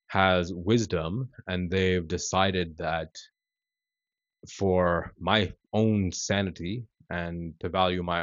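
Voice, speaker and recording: Deep-voiced man telling a story casually. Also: no echo, lo-fi sound. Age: 30s. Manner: relaxed and conversational, full of "like" and "you know". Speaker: vlogger.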